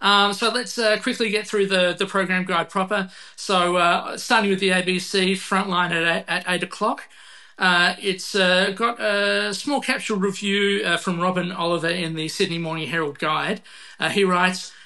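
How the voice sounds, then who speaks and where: A man's voice: high voice, steady tone, moderate pace, sharp tone. A man hosting a podcast, reading through a TV guide in casual chat with many fillers. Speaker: podcast host.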